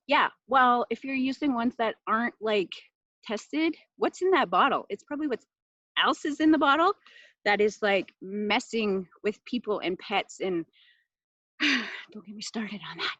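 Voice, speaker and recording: A woman hosting a casual live class, talking in a chatty, heartfelt way with lots of fillers and bursts of animated excitement, into a laptop microphone. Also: a little high, moderate pace, no echo, highs cut off. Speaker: class host presenting essential oils.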